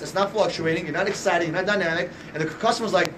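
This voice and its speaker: Loud, fast-talking male sales trainer. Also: high-pitched, recorded from a distance, noisy background. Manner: loud, passionate, profane, rhetorical questions. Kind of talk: motivational sales talk to a group.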